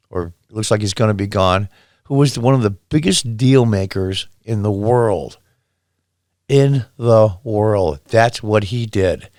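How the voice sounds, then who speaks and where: A man's voice: lowish voice, dry recording, studio quality. A man hosting a solo political commentary show, reading news aloud and reacting with exasperated, sarcastic disbelief. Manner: exasperated, sarcastic, incredulous outbursts.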